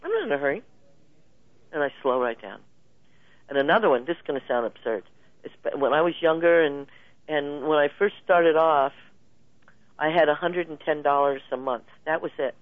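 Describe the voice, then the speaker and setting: A woman guest telling stories in a casual interview, lively and laughing often. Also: sits low, moderate pace, dry recording. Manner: animated storyteller, laughs often. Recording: tinny phone line, dry.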